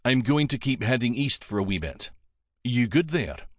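A man's voice: medium pitch, animated, normal speed, no room sound, clean studio sound, close to an everyday voice. A man narrating an audiobook voices a jovial, teasing male dragon king with a thick Scottish accent. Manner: teasing, warm-humored.

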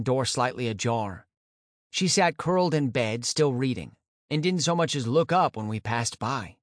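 A man narrating a first-person audiobook with expressive storytelling. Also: mid-range voice, no echo, clean studio sound.

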